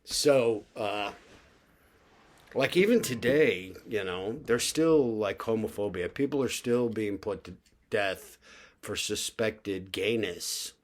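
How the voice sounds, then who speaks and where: A man's voice: lowish voice, takes it slowly. An older man talking in a casual, rambling vlog monologue, full of fillers and asides. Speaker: vlogger.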